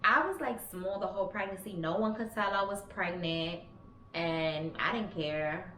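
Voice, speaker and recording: A woman's voice: lowish voice, measured pace, pushed and bright, slight background noise. A woman in her thirties telling a personal story in a candid, chatty way, swearing freely. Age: 30s. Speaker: vlogger. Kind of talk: casual storytelling. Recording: roomy echo with faint ambience.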